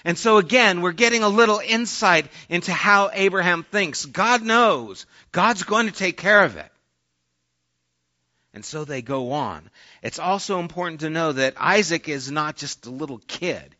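A male pastor preaching in a casual, storytelling manner, slipping into the voices of the people he describes. His voice is bright and sits a little high for a man. The recording is dull and lo-fi. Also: animated, unhurried. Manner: conversational preaching, acting out quoted voices. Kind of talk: sermon. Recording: dull lo-fi sermon audio.

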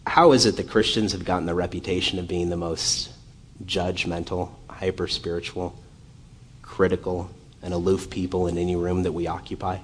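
A man preaching a sermon as a guest speaker, passionate and building from quiet to fervent, often repeating and restarting his words. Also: sits low, flat delivery, normal speed, a little hiss or hum.

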